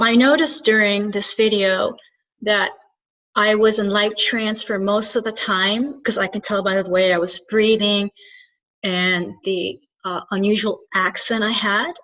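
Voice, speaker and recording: A spiritual channeler and soul coach speaks to the camera in a mid-range, slightly bright voice. She talks earnestly and reflectively on her own, thinking aloud, in a dull lo-fi recording.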